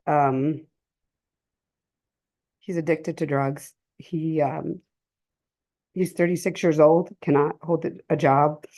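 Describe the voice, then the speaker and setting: Middle-aged woman, low mellow voice. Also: steady tone. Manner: emotional, halting, many pauses and restarts. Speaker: speaker sharing a family story at a drug-prevention session. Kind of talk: personal testimony to a live audience. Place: community cultural center, in person.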